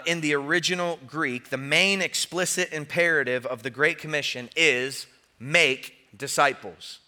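A man's voice: a little high, sharp tone. A man preaching a sermon to his congregation as pastor, earnest and direct, asking rhetorical questions.

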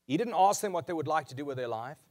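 A man with a slightly high voice preaches to his congregation. He drives his points home with emphatic repetition, slowing down on the lines that matter most. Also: lively intonation, a little mellow. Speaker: pastor. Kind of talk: sermon.

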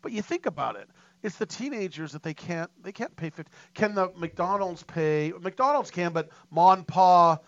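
A man hosting a talk radio show, rambling and excitable with many fillers. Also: sits high, moderate pace, dull audio.

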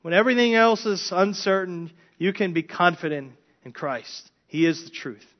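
A man's voice: sits high, expressive, normal speed. A pastor preaching a sermon in an earnest way, often repeating words as he builds his points. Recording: dull lo-fi sermon recording.

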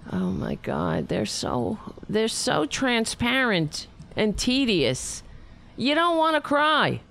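A woman's voice: fairly high pitch, creaky, fairly bright tone. A woman giving casual commentary in a sarcastic, mocking, emphatic way.

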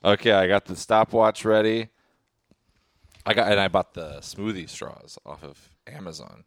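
A podcast host with a lowish voice keeps things relaxed and giggly. He sets up a silly game for his guests and laughs along with their jokes. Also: normal speed, no echo. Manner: laid-back, giggly, running the game. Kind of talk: casual joking chat.

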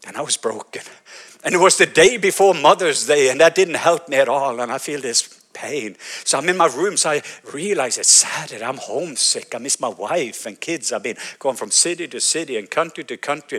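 A Norwegian man in his fifties with a Norwegian accent, preaching a sermon as an animated storyteller. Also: mid-range voice, fairly quick, husky. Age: 50s. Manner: animated storytelling, acting out his own quoted words.

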